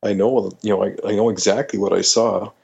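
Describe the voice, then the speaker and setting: A man's voice: fairly low pitch, steady tone, fairly quick, creaky, darkish tone, breathy edge, muffled recording. A middle-aged Canadian man, a podcast guest, telling a story animatedly, acting out quoted voices with many restarts.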